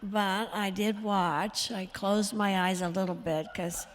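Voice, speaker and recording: A woman in her eighties telling rambling, self-mocking anecdotes as the guest of an on-stage interview, her voice slightly rough. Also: medium pitch, fairly even intonation, slow pace. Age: 80s. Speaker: guest of honor. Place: stage at an evening event.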